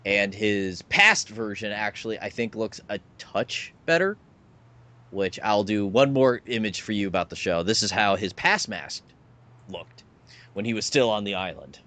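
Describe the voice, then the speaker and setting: A man's voice: fairly low pitch, unhurried, sharp tone. A man co-hosting a casual podcast chat, animatedly explaining a show and pointing out pictures. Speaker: podcast co-host.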